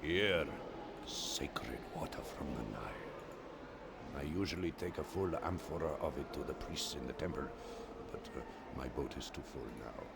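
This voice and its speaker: An actor playing a kindly Egyptian boatman trader in a video game, with a gentle, formal way of talking. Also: very deep voice, a little slow, vocal fry, very noisy, exaggerated voice. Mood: warm.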